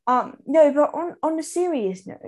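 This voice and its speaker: A woman's voice: sits high, lively intonation, moderate pace. A young woman co-hosting a podcast in casual, rambling, self-mocking chat. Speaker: podcast co-host.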